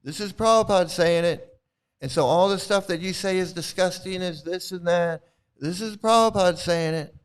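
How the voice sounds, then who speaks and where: A man with a somewhat high voice hosts a livestream and talks straight to his chat. He argues in a combative way, often repeating himself and restarting sentences as he answers viewers. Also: normal speed, clean tone. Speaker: livestream host.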